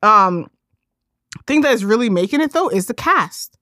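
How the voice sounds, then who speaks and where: A woman's voice: a little high, lively intonation, moderate pace, pushed and bright, no echo, studio quality. A woman co-hosting a podcast in casual chat, giggly and chatty, often trailing off and restarting. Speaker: podcast co-host.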